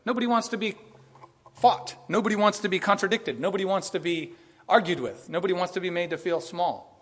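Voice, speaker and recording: A man preaching a sermon with emphatic, repetitive, animated delivery, addressing his congregation. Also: a little high, slightly rough, in a large hall.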